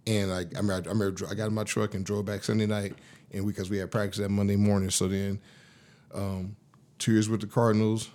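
A man in his fifties with a fairly low voice tells stories from his playing days in a loose, slangy, often profane way. He talks casually as an interview guest and gets animated as he retells events. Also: fast. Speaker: guest, former pro football lineman.

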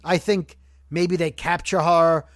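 High-voiced man, rambling podcast host. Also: little pitch movement, slow, dry recording, studio quality. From Brooklyn, New York. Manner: rambling, joking, self-correcting. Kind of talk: casual podcast chat.

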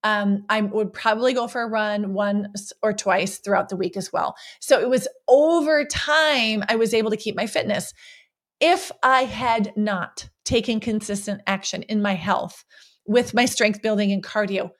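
A woman's voice: mid-range voice, a little slow. A woman hosting a podcast as a coach, talking casually and playfully, often checking in with "right?". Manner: upbeat, playful, often ends points with "right?". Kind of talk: casual motivational podcast talk.

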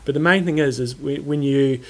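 A man's voice: mid-range voice, a little fast, slight background noise. A man co-hosting a casual chat, easygoing with dry humor. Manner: easygoing, dry, brief replies. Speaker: podcast co-host.

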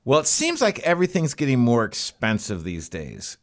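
A man's voice: medium pitch, wildly swooping pitch, normal speed. A man co-hosting a finance talk show as a financial planner, explaining things earnestly and plainly, with frequent fillers.

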